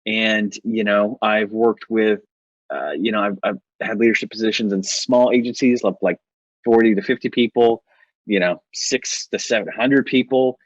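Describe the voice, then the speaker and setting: A man's voice: fairly low pitch, moderate pace, dry recording, highs cut off. Chatty American man, rambling storyteller. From United States. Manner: rambling, self-correcting, laughs often. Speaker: podcast guest. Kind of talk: casual interview storytelling.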